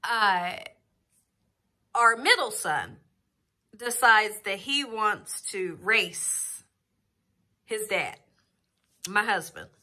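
Woman, slow drawn-out speech, very bright voice, heartfelt casual vlog. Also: mid-range voice, lively intonation. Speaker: cooking channel host. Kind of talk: casual personal vlog talk. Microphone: camera very close to her face.

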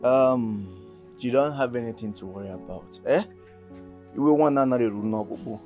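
A man's voice: medium pitch, normal speed, darkish tone, soft background music, close to an everyday voice. An actor playing an aggrieved young man who explains himself respectfully, with a Nigerian accent and an indignant tone. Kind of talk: Nollywood film acting.

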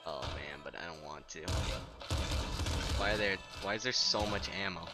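A young man giving casual, profane commentary while playing a game. He sounds tired and sleep-deprived, and his mumbling breaks into sudden loud outbursts. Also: low-pitched, moderate pace. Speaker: gameplay commentator. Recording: game music playing underneath.

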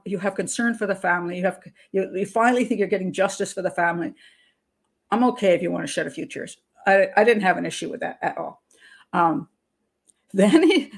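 An older woman hosting her channel, giving frank, opinionated commentary on a criminal investigation. She talks through restarts and laughs between points. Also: mid-range voice. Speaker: criminal profiler, channel host. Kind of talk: casual commentary monologue.

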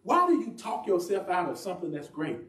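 High-voiced man preaching in an echoey church. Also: very animated, a bit bright. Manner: emphatic preaching with drawn-out phrases. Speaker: pastor. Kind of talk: sermon. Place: church sanctuary. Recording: echoey church room from far off.

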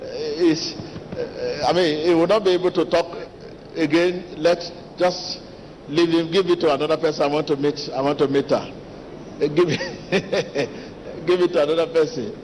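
A man preaching a sermon as pastor, talking to the congregation directly, animated and repetitive. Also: a little high, unhurried, slight background noise. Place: large church hall. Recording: long church reverb with faint ambience.

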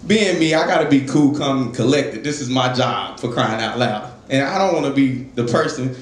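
A man's voice: medium pitch, moderate pace. A young man telling a loose, profane stand-up story at an open mic in a jazz club. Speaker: stand-up comedian. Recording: roomy club with faint ambience.

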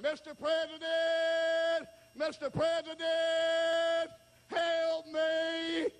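A man's voice: very high-pitched, monotone, extremely slow, long reverb tail, soft background music, voice pushed up, heavily acted. A man crying out as an old blind beggar. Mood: begging. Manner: pleading, wailing cries.

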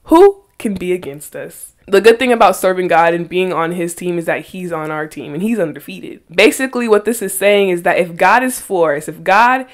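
A woman's voice: on the low side, expressive, normal speed, few pauses. A woman hosting a faith podcast, earnestly reading Bible verses aloud and pressing her points with emphatic rhetorical questions. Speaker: podcast host.

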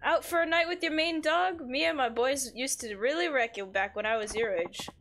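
A woman's voice: high-pitched, normal speed, background noise. A woman doing a weird old man lecturing. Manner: old-timey villain delivery.

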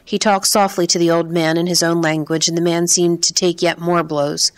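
A woman narrating an audiobook in a calm, measured way. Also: fairly low pitch. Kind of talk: scripted narration.

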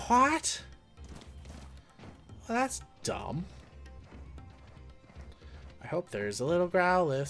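A man giving casual let's-play commentary, excitable and jokey, yelping and shouting at the game. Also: a little high.

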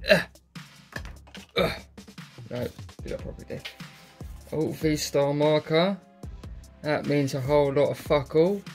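Sweary man opening card packs. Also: medium pitch. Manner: sweary, muttering, jokey asides. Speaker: card pack opener. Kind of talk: casual running commentary.

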